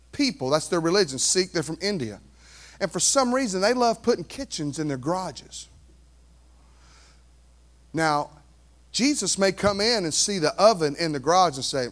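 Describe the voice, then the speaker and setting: Brief: energetic male pastor, high voice, dramatic swings between hush and shout. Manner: animated, swings from quiet to near shouting, conversational asides. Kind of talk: sermon.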